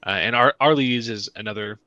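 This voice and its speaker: A man co-hosting a casual podcast, halting and chuckling as he weighs game pieces. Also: fairly low pitch, bright, forceful tone, no echo, dull audio. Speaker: podcast co-host.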